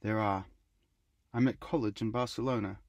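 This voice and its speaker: A man's voice: fairly low pitch, steady tone, moderate pace, dry recording, natural voice. Young female arts student, blunt and indignant, read plainly by a man, dry close mic.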